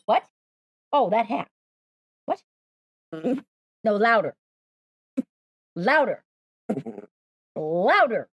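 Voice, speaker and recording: A woman's voice: fairly high pitch, very animated, slow pace, long pauses, dry recording, muffled recording. A woman hosting a live stream, coaxing and praising her pet in playful sing-song talk. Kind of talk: live-streamed casual chat.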